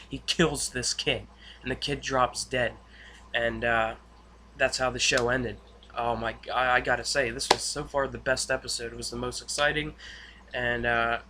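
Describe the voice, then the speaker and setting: A man talks through a TV episode in a loose, rambling recap, stacking fillers and eager asides as he goes. His voice is bright and forceful at a middle pitch. Faint hiss sits behind him. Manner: rambling, filler-heavy retelling with excited asides. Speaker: TV episode reviewer. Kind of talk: casual spoken episode recap.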